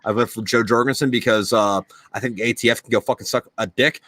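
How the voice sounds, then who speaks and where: A man's voice: mid-range voice, fairly even intonation, fast, pushed and bright, no echo. A man hosting a podcast, ranting heatedly with lots of swearing and stammered restarts. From United States. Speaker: podcast host. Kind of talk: casual podcast chat. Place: video podcast recording.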